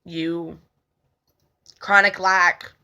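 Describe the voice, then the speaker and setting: A woman's voice: fairly low pitch, flat delivery, very slow, pushed and bright. A young woman reading a spiritual text aloud and talking casually about it, rambling with many fillers and stumbling over words. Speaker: spiritual healing video host.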